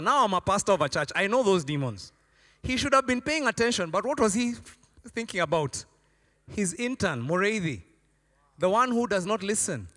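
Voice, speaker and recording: A man preaches with a high, lively voice that leaps up and down as he acts out stories. His tone is bright and ringing. A long hall reverb trails behind each phrase. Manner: animated storytelling, acting out voices. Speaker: pastor. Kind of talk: sermon.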